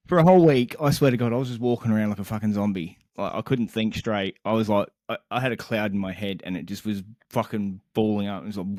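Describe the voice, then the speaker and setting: Swearing bloke telling a story. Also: male voice, on the low side, no echo, studio quality. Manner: animated, exasperated, swears constantly, laughs mid-sentence. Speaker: podcast co-host. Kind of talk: casual storytelling chat.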